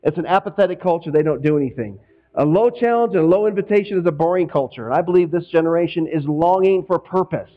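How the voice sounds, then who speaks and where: A man's voice: a little high, fast, phone-quality sound. A man preaching as a pastor in a conversational way, from Northwest Indiana, slipping into quoted voices now and then. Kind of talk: sermon.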